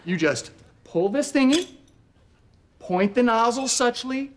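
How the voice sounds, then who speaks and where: An actor playing a young, goofy, careless big brother with a loud, excitable way of talking. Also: male voice, very high voice, slow pace, full character voice. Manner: loud, excitable, often shouting. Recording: noisy sitcom audio with studio audience laughter.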